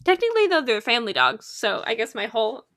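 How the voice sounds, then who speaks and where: A woman's voice: fairly high pitch, very animated, fast talker, fairly bright tone. Giggly young woman streaming a game. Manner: chatty and giggly, laughs often at herself. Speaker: live streamer. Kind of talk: casual chat while playing a game.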